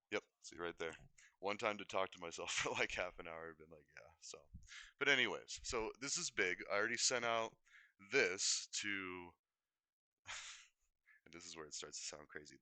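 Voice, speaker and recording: Low, forceful rambling male streamer. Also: no room sound. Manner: rambling, keeps restarting and correcting himself. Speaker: livestream host. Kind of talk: casual livestream monologue.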